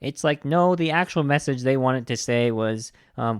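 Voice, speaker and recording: A man's voice: medium pitch, moderate pace, clear, resonant tone, no room sound, studio quality. A young man hosting a podcast, casually retelling a film's plot and acting out the characters' lines. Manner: animated retelling, acts out quoted lines. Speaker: podcast host. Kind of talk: casual film review monologue.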